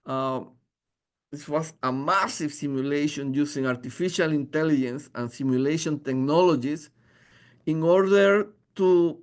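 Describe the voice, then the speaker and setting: Man presenting his department, slow earnest delivery, halting restarts, slightly high voice. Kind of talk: informational presentation.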